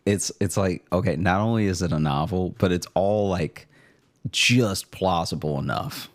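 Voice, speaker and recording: A man's voice: deep voice, normal speed, a little mellow, no room sound. A man co-hosting a comedy podcast, chatting casually and thinking aloud. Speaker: podcast co-host.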